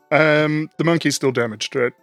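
A man playing a tabletop role-playing game, relaxed and often laughing as he describes what his character does. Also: a little high, measured pace, dry recording, soft background music. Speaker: player. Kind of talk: tabletop game play, casual banter.

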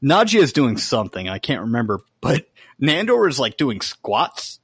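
Podcast co-host, eager and emphatic, dry room. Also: male voice, mid-range voice, big pitch swings, moderate pace, husky, dry recording. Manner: enthusiastic, emphatic recommending. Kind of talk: casual chat.

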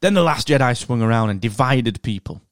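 A man with a Northern English accent hosting a podcast, chatting in an animated, rambling way with plenty of fillers. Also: mid-range voice, fairly quick, no room sound, studio quality. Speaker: podcast host. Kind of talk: casual podcast monologue.

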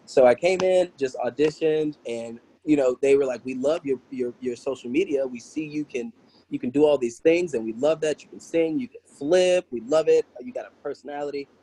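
A man chatting as a podcast guest, telling stories in a loose, conversational way. He slips into other people's voices as he retells events and laughs easily between lines. His speaking voice sits at a middling pitch. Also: moderate pace, husky, rough recording. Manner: animated, acts out quoted voices, laughs often. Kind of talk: casual storytelling interview.

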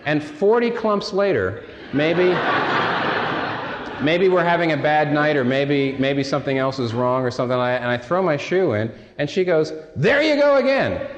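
A man's voice: fairly high pitch, normal speed, highs cut off, a crowd in the background. A male pastor preaching a sermon in a conversational, storytelling way, with self-deprecating asides. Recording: long hall reverb.

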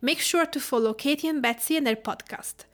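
Woman, Italian accent, podcast host, careful explaining tone, higher pitch. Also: fairly quick, a bit bright. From Tuscany, Italy. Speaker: podcast host, cook and food writer. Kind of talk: scripted podcast narration.

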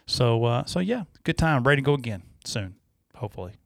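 A man with a drawl spins a folksy story in casual show chat, his voice bouncing between excited highs and low asides. The sound is close and dry, with no room around it. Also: a little fast, gravelly, no room sound. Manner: folksy, animated storyteller with Southern phrasing. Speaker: radio show regular.

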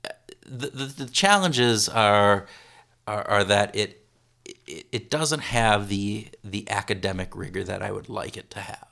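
A man being interviewed as a consultant, speaking in a halting way with many restarts and repeated words. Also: lowish voice, creaky, bright, forceful tone. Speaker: consultant guest. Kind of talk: interview conversation.

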